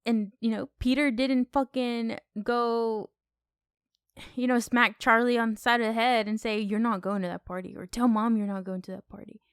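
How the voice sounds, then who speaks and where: Animated higher-voiced woman. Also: moderate pace, clear, resonant tone, no echo. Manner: animated, swears freely, repeats questions for effect. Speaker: podcast co-host. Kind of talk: casual film discussion. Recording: dry close recording.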